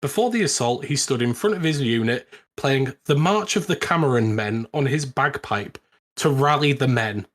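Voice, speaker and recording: A British man co-hosting a podcast, telling a history story in casual, animated chat with frequent laughs. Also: medium pitch, normal speed. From Britain. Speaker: podcast co-host.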